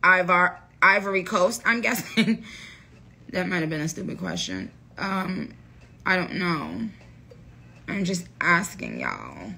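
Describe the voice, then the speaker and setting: Bright-voiced woman chatting on a livestream. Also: fairly low pitch, sing-song, slow, vocal fry, a little hiss or hum. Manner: playful, chatty, addresses viewers by name. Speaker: livestream host. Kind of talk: casual livestream chat.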